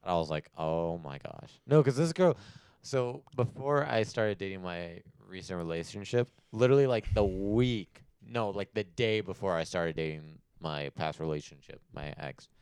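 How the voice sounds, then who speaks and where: A young man chatting casually as a podcast co-host, telling animated stories with lots of fillers. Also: sits low, moderate pace, clean tone, dry recording. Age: young adult. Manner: animated storytelling with many fillers. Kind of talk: casual chat.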